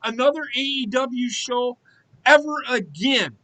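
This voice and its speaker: A man's voice: very high voice, animated, a little slow, pushed and bright. A man co-hosting a sports podcast, ranting with heavy profanity in a casual chat. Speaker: podcast co-host.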